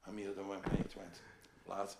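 Liverpool male guest, raspy and fairly high, swears freely, animated storyteller, roomy echo. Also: a little fast, very noisy. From Liverpool, England. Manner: swearing, animated, laughing while telling stories. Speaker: podcast guest, former doorman. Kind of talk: casual storytelling chat.

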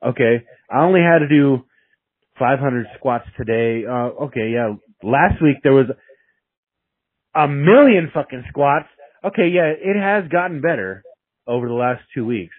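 A man's voice: mid-range voice, lively intonation, a little slow, no room sound. A young man casually telling a story with heavy swearing, rambling and restarting his sentences, heard over a dry, tinny, phone-like recording.

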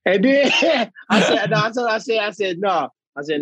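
A man's voice: sits high, moderate pace, husky, dry recording, rough recording. A man in his thirties, a guest on a casual chat show, telling stories with acted-out quotes and frequent laughs. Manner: animated storyteller, acts out quotes, laughs often. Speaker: guest, pro fighter.

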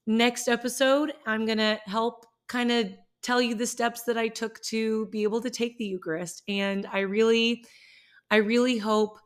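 A woman's voice: fairly high pitch, steady tone, moderate pace, clean tone. A woman who teaches middle school, talking about her faith in a personal vlog, earnest and heartfelt, often restarting her sentences.

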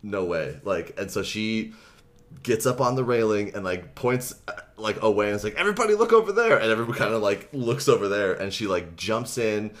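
Deep voiced guy recapping a book on a podcast, lots of likes, acting out the lines, laughing a bunch. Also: moderate pace. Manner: animated retelling, acts out quotes, laughs often, many fillers. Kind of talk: casual comedic book recap.

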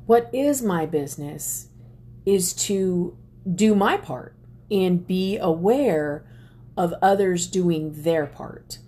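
A woman speaking to an audience, telling a personal story slowly and deliberately, with pauses and restarts. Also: on the low side, expressive, dark tone, slightly rough. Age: adult parent. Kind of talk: reflective personal talk to an audience.

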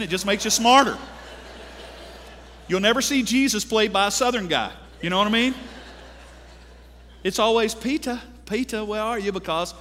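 A man in his thirties preaching a sermon to a congregation, animated and joking, calling out to the crowd for responses. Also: sits high, a little hiss or hum. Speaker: pastor. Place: large church hall. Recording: long hall reverb from a church.

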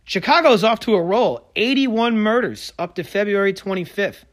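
A man hosting a sports podcast, delivering a heated, sarcastic solo rant that swings from loud outbursts to low mutters. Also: lively intonation, normal speed. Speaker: podcast host.

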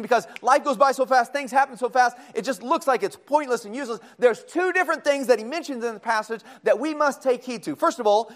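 Preacher, male, unusually high voice, folksy and chatty, quizzes the congregation as he teaches. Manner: folksy, conversational, asks the congregation questions. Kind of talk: sermon, Bible study.

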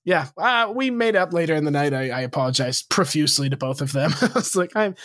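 A man's voice: fairly high pitch, animated, brisk, fairly bright tone, no echo, clean studio sound. A young man co-hosting a comedy podcast, telling awkward stories about himself and laughing often. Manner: laughs often, self-deprecating storytelling. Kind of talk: casual comedic chat.

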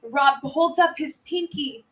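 A woman casually retelling a film plot on a podcast, laughing often and jumping into loud voices for the characters. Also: high voice, slow, recorded from a distance, rough recording. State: giggly, a bit high. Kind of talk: casual chat.

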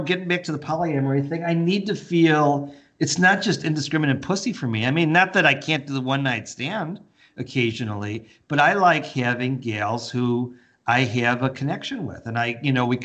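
A man co-hosting a podcast who talks openly and thoughtfully about his own life. His tone is relaxed and conversational, with casual swearing mixed in. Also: medium pitch. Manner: candid and reflective, swears casually. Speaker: podcast co-host. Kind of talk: casual chat.

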